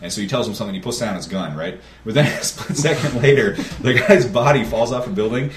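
A man chatting casually about a movie, telling it as a rambling, animated story with lots of laughs. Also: medium pitch, quick pace, a crowd in the background. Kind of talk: casual chat, movie talk. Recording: echoey room, from far off, with noise.

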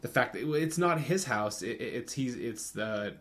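A man in casual conversation, talking in a halting, musing way with frequent restarts. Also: mid-range voice, expressive, fairly bright tone, a little hiss or hum. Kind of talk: casual chat.

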